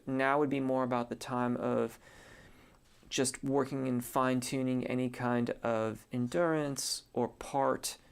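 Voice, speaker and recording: A man, a singing teacher, answers viewers' questions in a relaxed live stream, thinking aloud with many fillers. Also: medium pitch, gravelly. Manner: reads viewer comments aloud and answers them. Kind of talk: casual live-stream chat.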